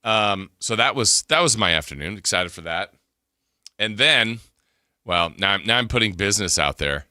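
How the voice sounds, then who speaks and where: A man co-hosting sports talk radio, chatting casually and telling a story with animated energy. His voice sits low yet sounds very bright and forceful, and it rises and falls a lot. The mic is close and dry. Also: moderate pace, no echo. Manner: animated storyteller, gasps and laughs while telling. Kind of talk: casual chat. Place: radio studio.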